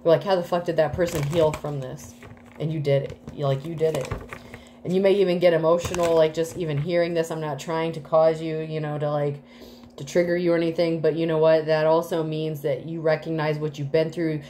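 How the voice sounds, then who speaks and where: Woman, tarot reader, lower voice, rambling, emotional, swears, casual reading, slight background noise. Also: little pitch movement, brisk, dark tone. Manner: rambling, emotional, swears freely, many fillers.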